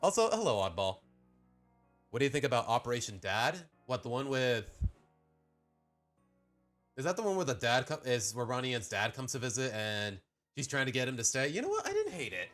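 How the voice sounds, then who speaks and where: His medium-pitched voice swings hugely in pitch, fairly quick and bright, with long pauses and faint music behind. A Mexican man ranking cartoon episodes on a live stream, he rambles through opinions and often breaks off mid-sentence.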